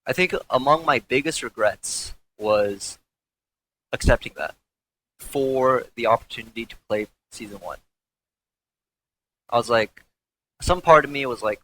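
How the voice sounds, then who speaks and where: A young man, a former pro gamer, telling a candid, swearing story in casual talk with frequent halting restarts. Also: medium pitch, fairly bright tone, a little hiss or hum, low-quality recording.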